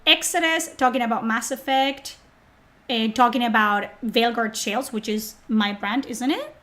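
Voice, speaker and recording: Woman, streamer, fairly high voice, sarcastic, mocking, profane, sick. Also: moderate pace, bright, forceful tone. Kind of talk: live stream chat reading.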